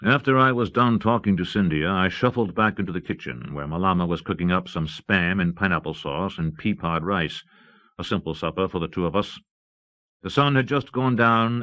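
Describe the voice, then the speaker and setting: A man reading a novel aloud in a steady, measured narration, on an old cassette recording. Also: low voice. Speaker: audiobook narrator. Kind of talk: scripted audiobook narration. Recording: dull lo-fi cassette audio.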